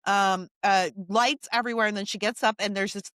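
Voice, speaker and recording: A woman's voice: medium pitch, fairly even intonation, brisk, fairly bright tone, smooth, no echo. A woman co-hosting a podcast from home, chatting casually about a film, wondering aloud and laughing as she talks. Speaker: podcast co-host. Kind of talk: casual chat reviewing a film.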